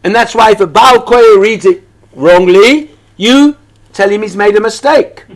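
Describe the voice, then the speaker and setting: A man's voice: sits high, measured pace. A man, a rabbi, teaching a text study lesson. He reads passages aloud, translates them, and asks questions that he answers himself.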